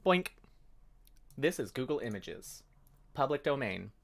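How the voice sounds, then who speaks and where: A man's voice: mid-range voice, sing-song, unhurried, vocal fry, a bit bright. A young man hosting a casual songwriting livestream, rambling and correcting himself as he talks, now and then singing a note. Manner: rambling, self-correcting, breaks into sung notes. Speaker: livestream host.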